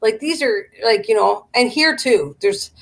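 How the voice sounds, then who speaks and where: A woman's voice: on the high side, expressive, a little slow, gravelly, poor audio. An older Canadian woman hosting a live chat, telling stories in a chatty way and laughing often. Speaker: livestream host chatting with viewers.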